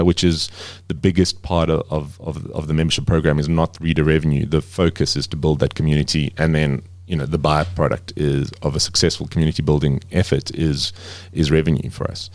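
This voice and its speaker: A man's voice: a bass voice, darkish tone, no room sound, studio quality. A man who runs a media company, talking as a guest in a casual interview, rambling with many fillers and restarts.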